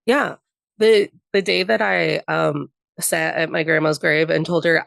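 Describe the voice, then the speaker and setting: A woman's voice: low voice, steady tone, unhurried, creaky, a bit bright, dry recording. A young adult woman on a podcast, telling personal stories candidly with frequent laughter and the odd swear. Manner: candid storytelling, laughs often, swears freely. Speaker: podcast guest. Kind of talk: casual chat.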